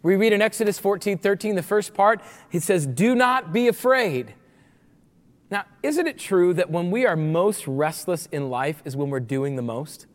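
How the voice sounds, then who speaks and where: A pastor in his forties preaches with a bright, high-pitched voice. He tells the story with lively energy and slips into the voices of the people. The sound rings with the long reverb of a big sanctuary. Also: moderate pace, hardly any pauses. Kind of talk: sermon. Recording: long reverb of a large hall.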